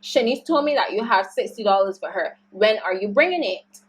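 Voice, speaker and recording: A woman's voice: medium pitch, animated, brisk, lightly acted, poor audio. A woman voicing her fierce, protective middle-aged mother, who makes firm, no-nonsense demands. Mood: demanding.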